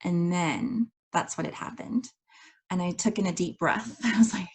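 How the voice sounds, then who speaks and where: Woman coach telling her story, excited and expressive, laughs a lot, plays out what she said back then. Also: fairly low pitch, moderate pace, husky. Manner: enthusiastic and expressive, laughing often; acts out her own past dialogue. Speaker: life coach. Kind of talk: personal storytelling monologue.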